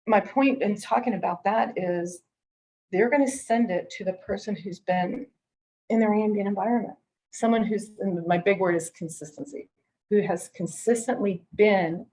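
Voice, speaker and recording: A woman's voice: medium pitch, a little mellow, slight background noise, rough recording. A middle-aged woman giving a conversational real estate training, chatty, full of restarts, acting out what callers say. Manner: chatty, repeats and restarts, acts out quoted callers.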